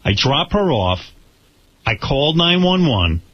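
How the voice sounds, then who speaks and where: A man hosting a radio talk show, telling a story with animated delivery, acting out what people said and restarting his words as he goes. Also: mid-range voice, a little slow, slightly rough, no echo. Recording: slightly dull radio broadcast sound.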